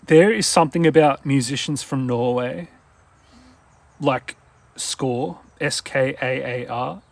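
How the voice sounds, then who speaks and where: A rambling, casual monologue from a man whose accent blends Australian, British and Irish sounds. His voice comes across dopey, with a gravelly fry running through it and a middling pitch. He drifts from point to point and keeps going off on tangents. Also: no echo. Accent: mixed Australian, British and Irish. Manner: meandering, goes off on tangents.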